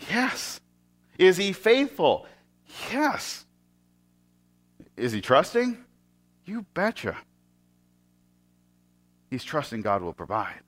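A male preacher with a fairly high voice who tells a scripture story in a sermon. He draws listeners in, and his voice often sinks to a soft hush. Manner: storytelling, often drops to soft, hushed tones.

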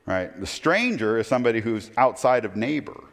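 A man's voice: mid-range voice, very animated, normal speed. Middle-aged man, pastor, conversational sermon full of rhetorical questions, reverberant church hall sound. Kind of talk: expository sermon.

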